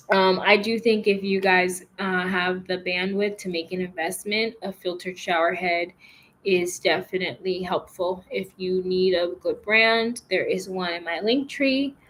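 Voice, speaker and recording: A woman's voice: lowish voice, a bit bright, a little hiss or hum. A woman vlogging casually, chatting with plenty of fillers and acting out what people said. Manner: chatty, lots of fillers and likes, acts out quotes. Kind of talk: casual storytime chat. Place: apartment in a large city.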